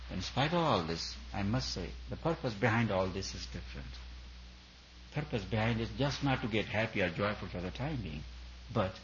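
A man's voice: on the low side, a bit bright, slight background noise. A man preaching a sermon to a retreat audience as a spiritual teacher, speaking in emphatic, repetitive phrases. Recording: dull lo-fi recording.

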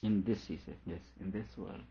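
A male teacher giving an explanatory lecture on a scripture, repeating each question aloud before patiently explaining it, with quiet chuckles along the way. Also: sits low, steady tone, brisk, vocal fry. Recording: dull lo-fi recording.

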